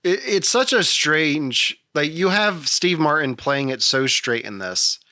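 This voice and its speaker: Bright, dry-sounding podcast man. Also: a little high, animated, a little slow, dry recording. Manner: steers the talk with questions. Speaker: podcast co-host. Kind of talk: casual chat.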